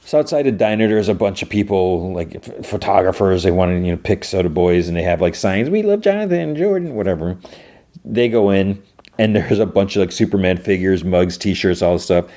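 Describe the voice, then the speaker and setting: A man's voice: deep voice, brisk, mellow. A man hosting a podcast, casually retelling an episode in a rambling way with lots of "he's like" and restarts. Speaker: podcast host.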